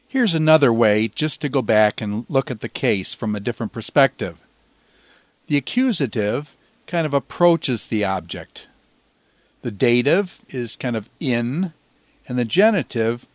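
A Greek teacher delivers a slow, deliberate grammar lecture at an ordinary middle pitch, pausing often and drawing out Greek phrases so listeners can repeat them. The recording is close and dry, with no room sound at all.

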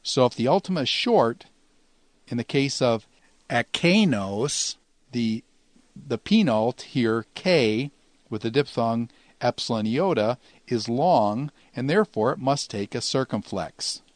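A man teaching a Greek grammar lesson in a measured, explanatory way, slowing down to pronounce each Greek word. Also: mid-range voice, animated, no room sound.

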